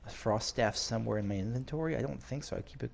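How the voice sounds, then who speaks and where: A man playing a video game and casually thinking out loud, now and then reading in-game notes aloud. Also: medium pitch, quick pace, vocal fry, slight background noise. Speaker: game streamer. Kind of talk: casual let's-play commentary.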